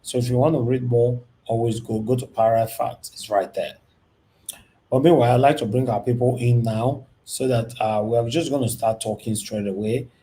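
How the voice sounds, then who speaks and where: A man's voice: mid-range voice, steady tone, moderate pace, dark tone, a little hiss or hum. A man with a Nigerian accent hosting a live-stream call-in show, casual and teasing, shifting between formal and street speech.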